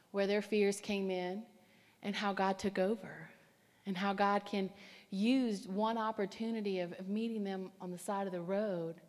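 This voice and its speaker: A woman preaching a sermon, telling a personal story in an animated, emphatic way. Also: mid-range voice. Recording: echoey hall reverb.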